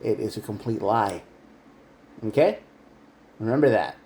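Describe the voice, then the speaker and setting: A man's voice: lowish voice, lively intonation, unhurried, mellow, slight background noise. Earnest man giving a tarot reading. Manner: earnest, emphatic, talks straight to the viewer. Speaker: tarot reader. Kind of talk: direct-to-camera tarot reading.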